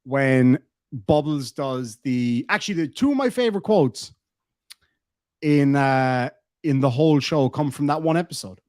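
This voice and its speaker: A man's voice: mid-range voice, expressive, unhurried, darkish tone, dry recording, studio quality. An Irish man casually chatting to his live-stream audience, laughing often and swearing freely. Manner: profane, laughing, quoting lines.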